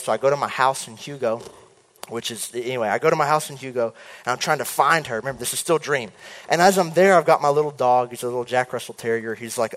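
Lively young man preaching in hall. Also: on the high side. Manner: animated, chatty, jumps into quoted voices. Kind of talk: storytelling sermon. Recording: hall reverb.

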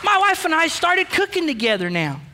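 A man's voice: very high voice, sing-song, moderate pace, a crowd in the background, background noise. A man pastor preaching a sermon, emphatic and direct, calling out the men with playful asides. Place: church sanctuary.

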